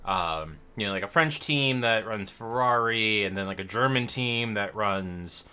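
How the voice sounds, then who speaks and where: Trivia host guy, bright punchy voice, rambles a lot, little announcer flair. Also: fairly low pitch, a little slow, clean tone. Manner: showy, announcer-like openings with rambling asides. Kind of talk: casual livestream banter. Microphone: headset.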